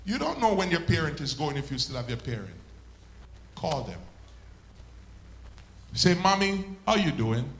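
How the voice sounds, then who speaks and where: A male pastor preaching a sermon, swelling up and then slowing down hard for emphasis. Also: a little high, sing-song. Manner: preaching with sudden swells and slow drawn-out emphasis. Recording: echoey church room.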